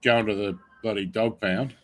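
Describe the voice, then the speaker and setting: Lowish-voiced man, blunt. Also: fairly even intonation, moderate pace, fairly bright tone. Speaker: podcast co-host. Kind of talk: casual podcast chat.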